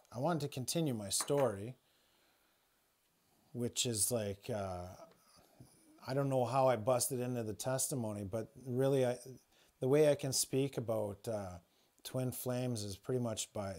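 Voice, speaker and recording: Man, casual livestream story, mid-pitched voice, rambling, swearing, many restarts. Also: unhurried, darkish tone. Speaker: spiritual livestreamer.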